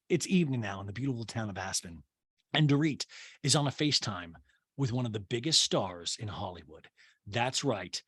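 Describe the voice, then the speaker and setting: A man's voice: fairly low pitch, expressive, moderate pace, a bit bright, breathy edge, dry recording. A man hosting a comedy podcast, recapping a reality show in a rambling, profane, joking way. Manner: rambling, profane, jokey asides and impressions. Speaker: podcast host.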